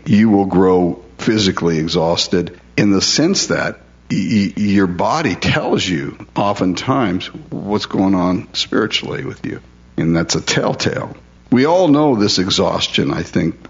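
A man's voice: low voice, dull audio. A male pastor preaching a conversational sermon, asking his listeners questions and confessing his own struggles.

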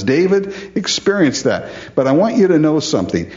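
A middle-aged man preaching a sermon, animated and chuckling often as he acts out the psalmist's words. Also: fairly high pitch, moderate pace. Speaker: pastor. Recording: dull lo-fi sound.

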